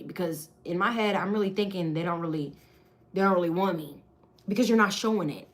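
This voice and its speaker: A woman's voice: mid-range voice, fast. A woman, giving a casual, chatty tarot reading to camera with lots of slang and giggling. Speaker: tarot reader.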